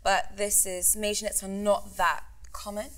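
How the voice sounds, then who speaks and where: A woman's voice: medium pitch, flat delivery, unhurried, fairly bright tone. A woman from London with a British accent, co-hosting a casual chat and explaining things in a friendly way. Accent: British English. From London, England. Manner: friendly, explanatory, laughs often. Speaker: co-host.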